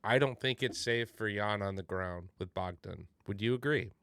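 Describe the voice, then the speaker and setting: A man's voice: lowish voice, moderate pace, a bit bright, no echo. A man co-hosting a fight podcast, giving opinionated predictions with swearing and sweeping asides. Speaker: podcast co-host. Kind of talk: casual sports banter.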